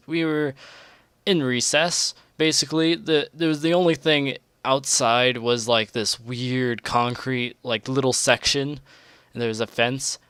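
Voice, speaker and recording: A man's voice: medium pitch, a bit bright, clear, resonant tone, no echo. A young man telling a crude, rambling storytime vlog, laughing at his own story. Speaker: storytelling vlogger.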